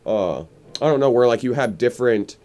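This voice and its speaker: A man's voice: mid-range voice, animated, a little fast, a little mellow. Rambling young man telling a story. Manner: rambling storyteller, heavy on filler "like", laughs often. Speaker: podcast host. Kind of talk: casual chat.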